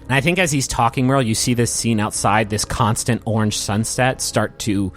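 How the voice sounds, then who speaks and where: A man's voice: mid-range voice, normal speed, faint music behind. A man as game master, narrating a tabletop role-playing scene in a descriptive storytelling way.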